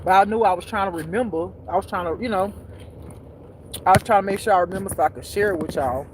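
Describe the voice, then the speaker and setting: A woman's voice: mid-range voice, fast, background noise. A woman chatting loosely and profanely to her viewers, laughing often at her own jokes. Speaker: spiritual teacher streaming live. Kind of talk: casual unscripted chat.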